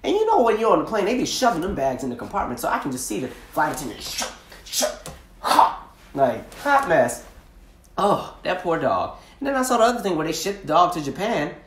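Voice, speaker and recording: A man hosting a podcast, telling casual stories in a slangy, animated way and laughing often. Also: high-pitched, fairly quick, reverberant. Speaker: podcast host. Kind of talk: casual storytelling monologue.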